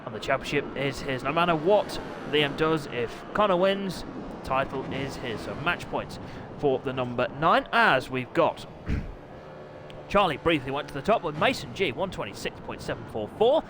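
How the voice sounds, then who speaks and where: A man hosting a live stream, commentating sim motorbike racing and chatting with viewers, often clearing his throat. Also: on the high side, lively intonation, moderate pace, noisy background.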